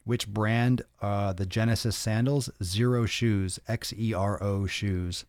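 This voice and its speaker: A man's voice: fairly low pitch, fairly even intonation, slow pace, darkish tone, clear, resonant tone, no echo, studio quality. A man in his thirties hosting a casual live-stream Q&A, answering chat comments in a blunt, profane, joking way. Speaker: podcast host answering viewer questions.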